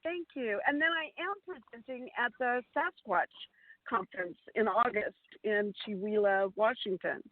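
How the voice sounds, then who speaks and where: A woman's voice: a little high, moderate pace. A woman from California chatting eagerly and casually as a guest panelist. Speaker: psychic and show host. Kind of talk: casual chat. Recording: dry phone-like call audio.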